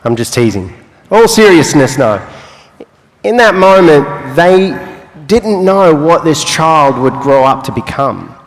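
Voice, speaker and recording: A young man giving a motivational talk on stage, telling his life story with long pauses and playful asides. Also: on the high side, sing-song. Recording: live hall with long reverb.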